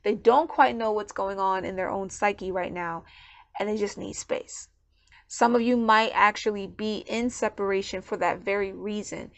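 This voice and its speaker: A woman's voice: medium pitch, fairly even intonation, normal speed, creaky, fairly bright tone. Woman tarot reader, casual rambling delivery, restarts and repeats words, mid-range voice. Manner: rambling, conversational, repeats words while searching for thoughts. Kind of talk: channeled tarot reading monologue.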